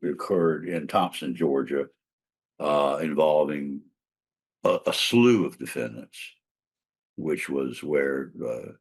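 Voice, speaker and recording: A man's voice: extremely low pitch, takes it slowly, breathy edge. An older man, a trial lawyer and mediator, telling a long case story in a casual interview, rambling with fillers and restarts.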